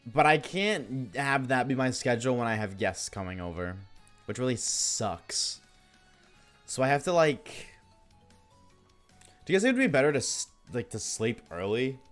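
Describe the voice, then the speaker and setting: A man's voice: medium pitch, very animated, moderate pace, fairly bright tone, faint music behind. Tired, yawning male streamer. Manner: rambling, jokey, talks to chat. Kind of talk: casual live-stream chat while gaming.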